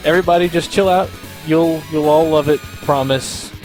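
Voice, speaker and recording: A man's voice: on the high side, fairly even intonation, moderate pace, over music, low-quality recording. A man co-hosting a podcast, talking in casual, laid-back, reassuring banter. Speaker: podcast co-host. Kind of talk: casual chat.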